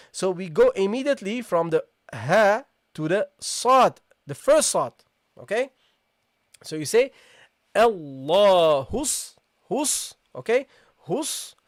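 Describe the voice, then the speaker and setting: A recitation teacher leads a live online tajweed lesson in a mid-pitched voice, explaining each point patiently and checking in with the class again and again. The sounds being taught are repeated slowly, and the voice is dry and close with no room echo. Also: a bit bright. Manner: addresses listeners casually as "guys".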